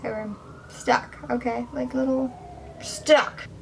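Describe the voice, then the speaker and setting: A woman's voice: fairly high pitch, steady tone, takes it slowly, vocal fry, noisy background. A young woman chatting in a casual home vlog, rambling and self-deprecating, sometimes dropping to a whisper. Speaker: vlogger. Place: indoors at home.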